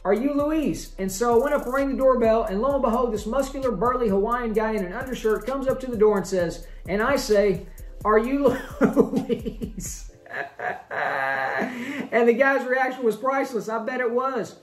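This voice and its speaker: A man chatting to camera in a casual vlog, full of excitable, dramatic exclamations. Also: extremely high pitch, fairly quick, hardly any pauses. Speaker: family vlogger. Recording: roomy echo with faint music.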